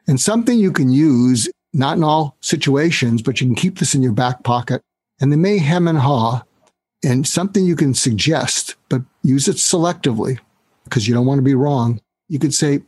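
A man speaking as a guest on an interview show, walking the listener through a sales method in an instructive way. His voice is husky and sits at an ordinary middle pitch. The recording is close and dry. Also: expressive, normal speed, a little mellow, no room sound. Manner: instructive, acts out quoted dialogue. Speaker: guest author. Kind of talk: podcast interview, explaining sales technique.

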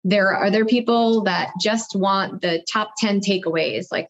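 A woman's voice: medium pitch, unhurried. A woman guest on an interview podcast, a marketing executive, answering in an upbeat, conversational way and thinking aloud with fillers, on a dull lo-fi remote recording.

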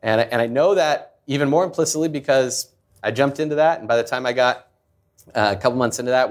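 A man in his thirties, a company founder, telling a personal story in an interview in an earnest, confessional way. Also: medium pitch. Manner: earnest, confessional, acts out quoted voices. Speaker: founder and CEO, guest.

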